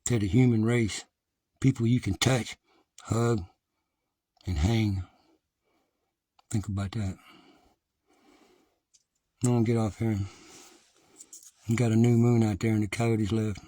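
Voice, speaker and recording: A man's voice: fairly low pitch, fairly even intonation, slow pace, pauses often, dry recording. A middle-aged man giving an impassioned, defiant monologue to his viewers, blunt and heavily profane. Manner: rises to agitated, loud ranting.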